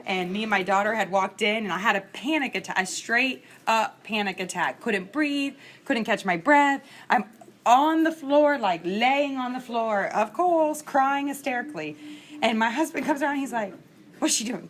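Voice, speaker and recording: A woman instructor in her thirties talks on the high side in a fairly bright tone, with slight background noise on her screencast mic. The lecture is informal and chatty, and she laughs through personal stories.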